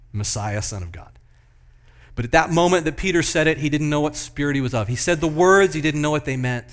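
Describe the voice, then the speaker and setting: A man's voice: a little high, lively intonation. Man preaching with dramatic swings. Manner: dramatic, swings from loud emphasis to hushed slow delivery. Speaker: pastor. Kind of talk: sermon.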